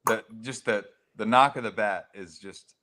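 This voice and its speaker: Low-voiced young male board operator. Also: normal speed, pushed and bright. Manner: easygoing, laid-back. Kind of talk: casual radio sports chat. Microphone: studio microphone.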